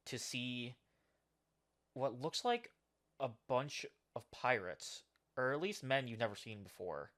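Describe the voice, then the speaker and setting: A man's voice: medium pitch, a bit bright. A man narrating as game master of a tabletop game, describing scenes with frequent "uh" and "like.".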